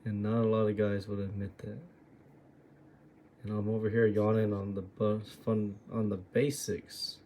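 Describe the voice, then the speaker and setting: A man's voice: on the low side, little pitch movement, measured pace, dark tone, a little hiss or hum. A man going over his own trades and muttering to himself, exasperated and swearing at his own choices. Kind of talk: muttering self-critical screen review.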